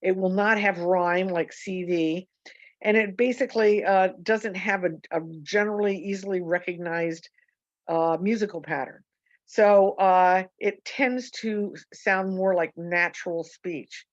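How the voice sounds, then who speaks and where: A woman's voice: medium pitch, steady tone, unhurried, dry recording, dull audio. A woman teaching an online poetry lesson, rambling and correcting herself with many fillers. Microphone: video call.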